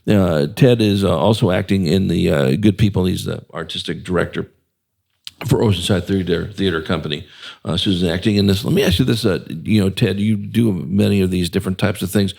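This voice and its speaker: Rambling jovial male host with a deep gravelly voice. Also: brisk, a little mellow. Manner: rambling, filler-heavy, jovial. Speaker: radio show host. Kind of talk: casual interview chat.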